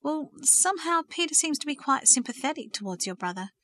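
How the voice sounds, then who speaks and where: A woman reading aloud and voicing a devout middle-aged mother who speaks slowly and cautiously. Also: medium pitch, pushed and bright, natural voice. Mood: measured. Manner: slow, cautious, hesitant.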